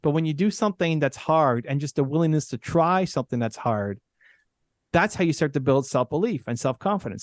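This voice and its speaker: A man's voice: on the high side, no room sound, clean studio sound. A middle-aged man, a podcast guest, telling a candid personal story in an earnest way, full of "like" and "right?".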